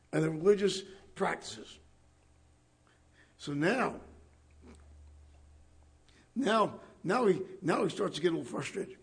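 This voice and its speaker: Reading from the Bible during a conversational sermon, this preacher keeps addressing the congregation with rhetorical questions. His rather high voice is rough with gravel and rasp, worn and husky from start to finish.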